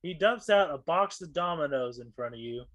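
A man's voice: on the high side, lively intonation, normal speed, a bit bright. A man narrating as game master of a tabletop game, loose and laughing between lines.

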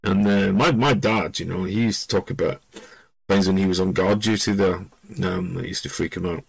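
Middle-aged Scottish-born podcaster, low voice, dry close sound, meandering storyteller. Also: male voice, steady tone, moderate pace, vocal fry, slightly rough, dry recording, rough recording. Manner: rambling and digressive, loses the thread. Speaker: podcast host. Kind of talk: casual spoken storytelling.

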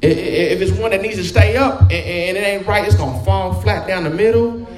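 A man's voice: sits high, a little fast. A man preaching a sermon in a folksy, conversational way. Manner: folksy, conversational preaching with quoted voices and humor. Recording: echoey room with background music.

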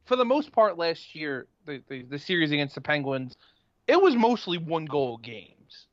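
A man's voice: fairly high pitch, big pitch swings, moderate pace, no echo. A man in casual sports chat, rambling with lots of restarts and fillers. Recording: dull lo-fi dry sound.

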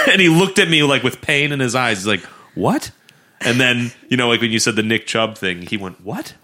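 A man's voice: medium pitch, brisk. A young man co-hosting a casual podcast with a friend, telling stories with lots of laughter. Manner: animated storyteller, laughs often. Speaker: podcast co-host. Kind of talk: casual chat between friends.

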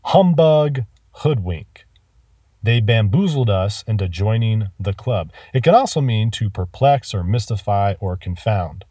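A man teaching a vocabulary lesson, enthusiastic about words and spelling them out slowly. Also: lowish voice, lively intonation, mellow, husky, no echo, clean studio sound, far from the mic.

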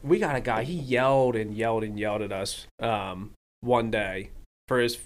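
A man's voice: on the low side, normal speed. A man chatting casually as a podcast guest, telling laid-back stories and swearing freely. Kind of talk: casual chat.

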